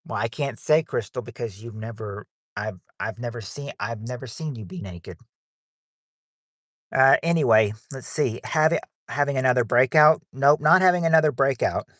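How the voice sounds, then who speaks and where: A man's voice: mid-range voice, normal speed, fairly bright tone, no echo, clean studio sound. A man hosting a livestream game night on his phone in a casual, rambling way, reading out viewers' names and answers.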